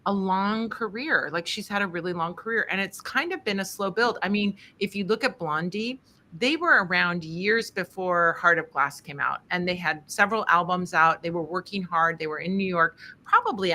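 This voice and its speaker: Bright-voiced chatty woman tarot reader. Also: fairly low pitch, a little hiss or hum. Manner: chatty, laughs often, animated retelling. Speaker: tarot reader hosting a charity stream. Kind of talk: casual storytelling and tarot reading.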